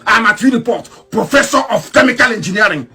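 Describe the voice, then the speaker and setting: High, animated, scornful male broadcaster. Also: fairly quick, slightly rough, soft background music. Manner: scornful, mocking, full of rhetorical questions. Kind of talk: impassioned political monologue.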